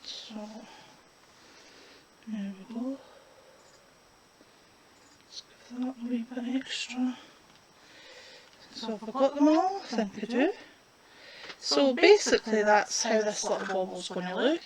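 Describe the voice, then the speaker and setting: A woman's voice: on the high side, animated, a crowd in the background, rough recording. A woman, chatting casually while demonstrating a colouring craft. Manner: chatty, unhurried, talks while working.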